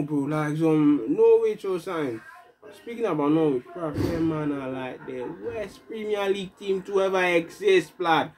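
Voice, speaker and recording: Young guy ranting about his team, pitch jumping all over, repeats himself a lot. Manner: animated, exasperated, repeats phrases, swings loud and soft. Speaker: football fan vlogger. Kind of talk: casual ranting review.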